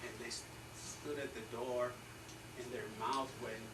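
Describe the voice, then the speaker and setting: A man's voice: medium pitch, steady tone, unhurried. An older man, an artist, telling jokes and stories in a rambling, laughing way, recorded from a distance in an echoey, noisy room. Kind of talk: casual joke-telling. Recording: echoey room, distant mic, loud noise.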